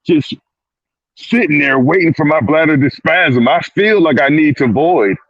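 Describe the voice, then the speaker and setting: A man's voice: a little high, a little slow, no echo, highs cut off. A male clinician speaking as a guest on a panel, emphatic, repeating his words and often slipping into quoted asides. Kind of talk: panel discussion.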